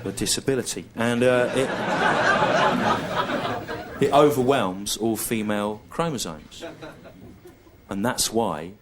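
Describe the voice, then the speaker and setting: Deadpan English stand-up comedian. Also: male voice, lowish voice, takes it slowly, long pauses. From England. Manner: deadpan, laid-back, repetitive delivery with self-aware asides. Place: comedy venue stage. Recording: live show recording with audience noise. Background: audience laughter and room ambience.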